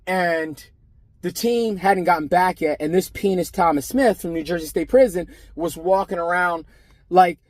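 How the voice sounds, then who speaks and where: A man's voice: sits high, moderate pace, no echo. A middle-aged man, a former prison sergeant, ranting casually and profanely to camera, rambling and blunt.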